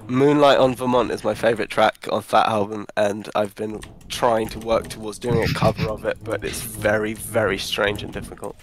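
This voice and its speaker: Thoughtful low-voiced young man. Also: little pitch movement, moderate pace, hardly any pauses, slight background noise. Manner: thoughtful, rambling, many ums. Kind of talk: casual chat.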